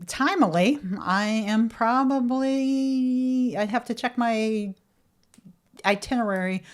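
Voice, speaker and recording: A woman's voice: on the high side, takes it slowly. A middle-aged woman co-hosting a podcast in loose, casual chat. She rambles and keeps correcting herself mid-sentence, breaking into laughter along the way. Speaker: podcast co-host.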